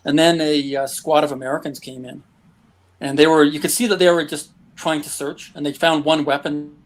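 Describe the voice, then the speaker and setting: A man's voice: on the high side, normal speed. A man, a guest telling travel stories in a casual interview, breaking into chuckles. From Canada. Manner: lively anecdotes, chuckles often.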